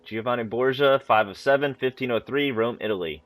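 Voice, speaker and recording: A man who hosts a gaming channel, reading in-game story files aloud in a steady, measured way, with a few casual asides. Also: medium pitch, no echo.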